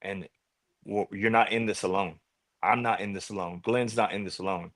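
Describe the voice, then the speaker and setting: A man speaking as a guest over a video call, earnest and halting, repeating words as he searches for what to say. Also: on the low side, fairly even intonation, fairly bright tone, no echo. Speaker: guest, veteran. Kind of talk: casual conversation.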